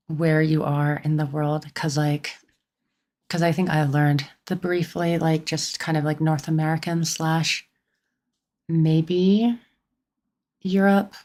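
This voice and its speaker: A woman's voice: sits low, a little mellow. A young woman from Canada streaming a game, chatting casually with viewers in a rambling way full of "like" and restarts.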